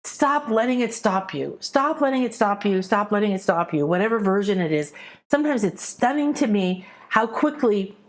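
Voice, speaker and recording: A middle-aged woman talks through a spiritual lesson in a loose, chatty way. Her pitch sits at an ordinary middle height, and she jumps into quoted voices now and then. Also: expressive, moderate pace. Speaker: spiritual teacher. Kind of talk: live-streamed spiritual talk.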